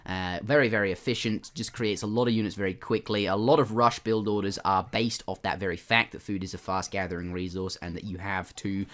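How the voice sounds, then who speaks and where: Male gaming host, casual voice-over commentary, slightly low voice, chatty with restarts. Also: fairly even intonation, a little fast, hardly any pauses, a bit bright. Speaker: gaming YouTuber. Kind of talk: gameplay commentary.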